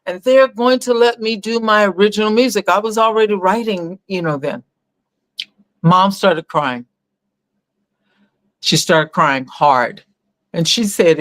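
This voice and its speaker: A woman's voice: mid-range voice, unhurried, pauses often, no echo. An older woman telling a family story in a casual conversation with her son, acting out the people she quotes. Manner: animated storyteller, acts out quoted voices. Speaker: guest, mother of the host.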